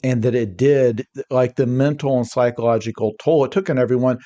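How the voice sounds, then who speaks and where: A man talking as a podcast guest, energetic and rambling, often restarting his sentences mid-thought. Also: mid-range voice, fairly quick, lo-fi sound. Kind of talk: casual podcast discussion.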